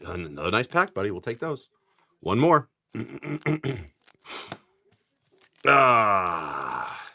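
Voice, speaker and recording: Lively, bright-voiced man on a card stream. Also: mid-range voice, vocal fry, husky. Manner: rapid card-name rundowns mixed with joking stories. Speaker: live stream card-pack seller. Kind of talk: casual live-stream chat while opening card packs.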